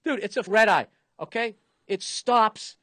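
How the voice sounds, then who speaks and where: A middle-aged man telling a comedic story in a casual podcast chat, animated and acting out other people's lines. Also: high-pitched, unhurried, no echo.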